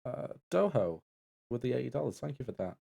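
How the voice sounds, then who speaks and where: Gravelly-voiced man co-hosting a stream. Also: mid-range voice, very animated, brisk. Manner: chatty, reads out donations. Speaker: stream co-host and assistant. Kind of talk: casual live-stream chat.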